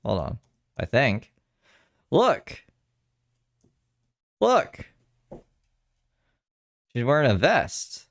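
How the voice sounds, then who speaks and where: A man's voice: mid-range voice, wildly swooping pitch, extremely slow, creaky, pauses often, no room sound, clean studio sound. A man giving casual, chatty commentary on a livestream, swearing and laughing as he goes. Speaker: streamer reacting to a livestream. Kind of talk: casual live reaction commentary.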